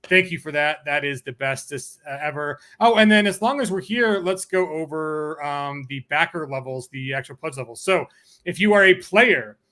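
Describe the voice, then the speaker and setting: Bright, chatty man hosting a livestream. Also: fairly high pitch, expressive, moderate pace. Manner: chatty, upbeat, many fillers. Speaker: host of a publisher's launch stream. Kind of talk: casual livestream pitch.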